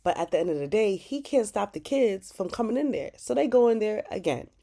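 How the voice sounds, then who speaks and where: A woman's voice: mid-range voice, fairly quick, vocal fry. A young woman hosting a casual vlog, chatting animatedly and saying "like" a lot as she recaps an episode. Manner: chatty, animated, heavy use of "like". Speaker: channel host recapping a TV episode.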